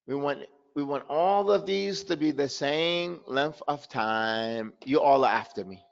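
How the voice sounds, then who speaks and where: A man teaching Quran pronunciation in an online class, slowly demonstrating sounds and repeating syllables for his students. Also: medium pitch, vocal fry, highs cut off. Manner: chuckles at his own trick questions.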